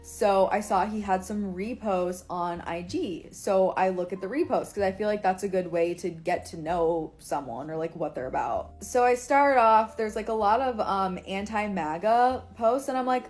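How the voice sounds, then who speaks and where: A woman's voice: medium pitch, normal speed, few pauses, darkish tone, faint music behind. A young woman telling a dating story in a chatty, candid way with playful asides. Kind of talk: casual storytime.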